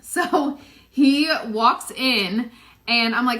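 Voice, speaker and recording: A woman's voice: on the high side, a little slow, bright, forceful tone. A pregnant young woman, chatting casually to camera and telling a story with lots of "like" and "y'all". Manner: chatty storytelling with many "like"s, addresses viewers as "y'all". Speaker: vlogger.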